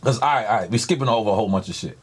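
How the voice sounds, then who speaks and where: Husky man guest, lively storyteller, slangy and profane. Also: lowish voice, very fast. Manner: animated, swears freely, acts out others' lines in voices. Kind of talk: casual storytelling in an interview.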